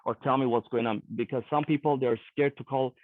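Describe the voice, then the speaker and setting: A man telling a personal story on a video call, earnest and halting, acting out the back-and-forth of what everyone said. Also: medium pitch, fairly even intonation, no echo. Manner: talks in long runs of reported dialogue, earnest and halting. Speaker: team member giving a testimony. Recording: tinny phone-like call audio.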